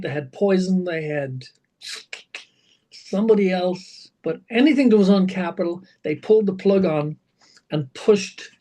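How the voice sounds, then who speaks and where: An older man, a rock singer being interviewed, telling animated stories, acting out quotes, swearing and laughing. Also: sits high, rough recording. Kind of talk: storytelling interview.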